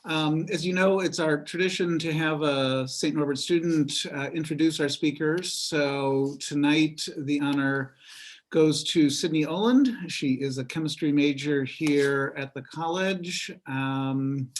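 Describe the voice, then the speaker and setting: A man's voice: on the high side, a little slow. A man opens a lecture series event with short, chatty announcements. His voice sits a little above the usual male range. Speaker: event host. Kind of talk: event introduction.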